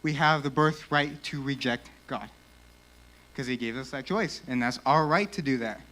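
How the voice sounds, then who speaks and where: A young man giving a casual, animated youth sermon in a church, peppered with "like," and a little out of breath. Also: medium pitch, normal speed. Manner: casual, animated, lots of 'like'. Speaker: youth speaker.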